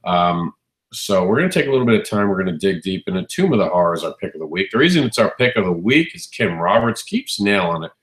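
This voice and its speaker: A man hosting a live online show, talking enthusiastically with frequent restarts, his voice hoarse from recently losing it. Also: low voice, sing-song, quick pace, a bit bright, echoey room. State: hoarse, recovering lost voice. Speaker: host. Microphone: phone mic, standing close.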